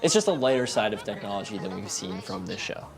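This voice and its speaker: A man's voice: fairly low pitch, expressive, fast, a crowd in the background. A young man hosting a campus TV show, chatting enthusiastically about shows and agreeing readily with his co-host. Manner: enthusiastic, agreeable, often laughs along. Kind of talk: casual pop-culture chat. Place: campus TV studio.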